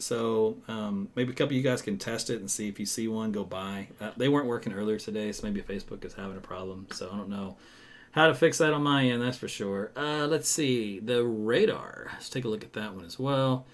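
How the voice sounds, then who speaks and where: Chatty weatherman on a livestream. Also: fairly low pitch. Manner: chatty and loose, many fillers, jokes with viewers. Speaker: meteorologist hosting a live weather stream. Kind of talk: casual live weather forecast.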